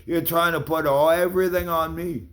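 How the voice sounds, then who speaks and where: A man's voice: a little high, fairly even intonation, moderate pace, a bit bright. Angry swearing man ranting. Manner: heated, accusing, swears constantly, addresses people directly. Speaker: vlogger. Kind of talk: angry profane rant to camera.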